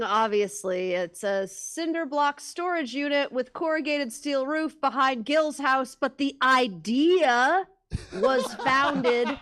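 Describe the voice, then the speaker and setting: A woman playing an upbeat tour guide who laughs through her own pitch. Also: a bit bright. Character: chipper female tour guide of a libertarian fort.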